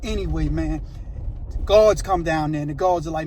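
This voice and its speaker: A man's voice: a little high, normal speed, a little mellow, slight background noise. A man telling a story in a casual, slangy, conversational way, with frequent asides to the listener.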